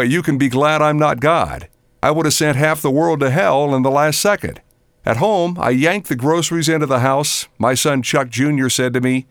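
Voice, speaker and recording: A man's voice: on the high side, normal speed, no echo, studio quality. An older man preaching, telling a personal story and acting out the voices of the people in it. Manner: animated storyteller acting out quotes. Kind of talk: narrated devotional storytelling.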